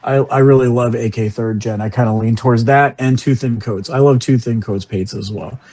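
A man with a New York accent holds forth in loose, friendly podcast talk. His voice sits at an ordinary middle pitch, and he wanders, stops and restarts his sentences with plain enthusiasm. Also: steady tone, moderate pace, mellow. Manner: meandering, self-correcting, enthusiastic. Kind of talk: casual chat.

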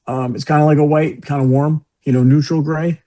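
A man's voice: a little high, steady tone, fairly quick, warm tone. Rambling New York man. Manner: meandering, self-correcting, enthusiastic. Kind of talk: casual chat.

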